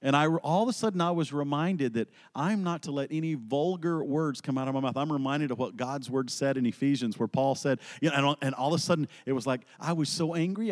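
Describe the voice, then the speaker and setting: A man's voice: fairly high pitch, fairly quick, few pauses, a little mellow, in a large hall. A man preaching an earnest, emphatic sermon, weaving in personal stories.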